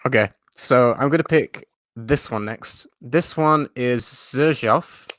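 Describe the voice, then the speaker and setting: A man's voice: mid-range voice, slow, dry recording. A man hosting a livestream, chatting casually and laughing easily about fragrances. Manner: relaxed, self-deprecating, laughs easily. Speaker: livestream host. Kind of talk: casual chat.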